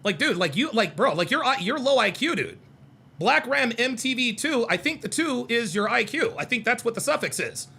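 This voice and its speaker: A man's voice: very high voice, very animated, moderate pace, gravelly, bright, forceful tone, slightly rough. A young adult man hosting a call-in livestream, arguing with chat in a combative, mocking way and repeating his points. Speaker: host of a call-in show. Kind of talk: heated livestream commentary, answering chat.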